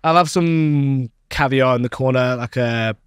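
Speaking in an unhurried, smooth way, a young man who co-hosts a podcast tells a comic, invented story during casual chat. His storytelling is playful, with lively swings in pitch. The clean studio recording carries no room sound.

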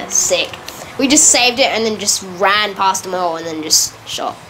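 A female gamer gives casual, excitable commentary on her gameplay, quickly correcting herself and laughing a lot. Her voice is mid-range, with background noise behind it.

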